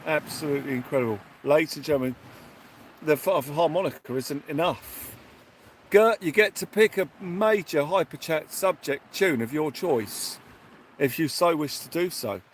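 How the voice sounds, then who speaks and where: A man hosting a casual fishing livestream outdoors at night, excitedly thanking viewers. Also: fairly high pitch, normal speed, a little hiss or hum. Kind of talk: casual live chat.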